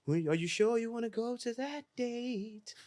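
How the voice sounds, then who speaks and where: A man putting on a soft, slow, crooning female voice for a time machine's computer while telling a story. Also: very high voice, pitched above the performer's own voice. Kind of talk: storytelling impression.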